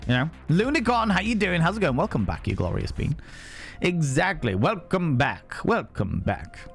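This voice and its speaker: A man's voice: on the high side, very animated, normal speed, gravelly. Chatty man greeting his viewers. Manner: chatty, rambling, swears freely, greets viewers warmly by name. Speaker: streamer reading chat. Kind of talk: casual chat.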